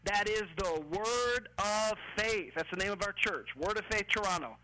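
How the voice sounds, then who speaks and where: A pastor preaching a sermon in a church, emphatic and deliberate, with much repetition. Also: medium pitch, sharp tone, rough recording.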